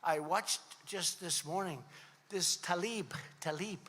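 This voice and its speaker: Speaking slowly in a high voice, a septuagenarian man delivers a rambling, repetitive rally address full of conversational stories. The recording is very noisy, and long reverb fills the large hall around him.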